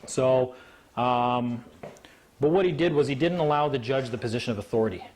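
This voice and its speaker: A man telling a story to a small live audience. His voice sits at an ordinary middle pitch, and his delivery is animated as he slips into other people's voices. A faint hiss of noise runs under him. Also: moderate pace. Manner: animated, acts out quoted voices.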